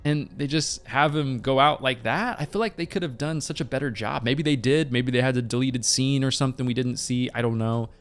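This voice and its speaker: A man in his thirties hosts a casual movie review. He talks at a mid pitch for a man, and his delivery is animated and rambling, full of laughing asides. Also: fairly quick, hardly any pauses, clear, resonant tone.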